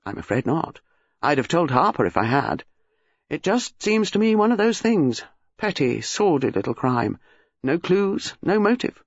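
A man's voice: on the high side, very animated, a little slow, husky, no room sound, dull audio, full character voice. A man voicing a careless young tennis pro. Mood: offhand. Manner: careless, offhand.

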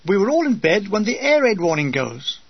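Older man, dry wry memoir narration, raised pitch, husky rasp, close dead room, dull muffled sound. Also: sing-song, fairly quick, no room sound. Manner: dry comic delivery, mimics comrades in brief put-on voices. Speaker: narrator reading his war memoir. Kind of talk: humorous memoir reading.

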